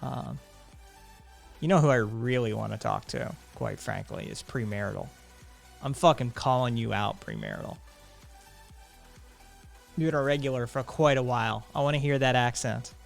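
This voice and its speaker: A man hosts a live stream, chatting casually and reading viewer comments aloud, blunt and profane, with sarcastic laughs. His creaky mid-range voice moves at a moderate pace with long pauses, over soft background music.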